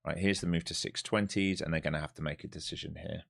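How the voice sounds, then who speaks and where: A man's voice: sits low, steady tone, fast, vocal fry, a bit bright. A man giving live commentary to viewers as he trades, blunt and profane as he thinks aloud over the charts. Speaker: live-streaming day trader.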